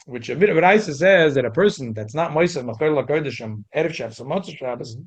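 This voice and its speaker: The Talmud class is led by a man whose fairly high voice is fast with lively intonation. He often restarts after stumbling and leaps into emphatic rises.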